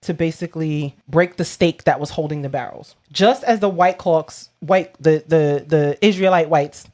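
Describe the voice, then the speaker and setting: A woman co-hosting a podcast, casually recapping a book chapter with animated storytelling, slangy asides and playful swearing. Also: sits low, moderate pace. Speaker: podcast co-host.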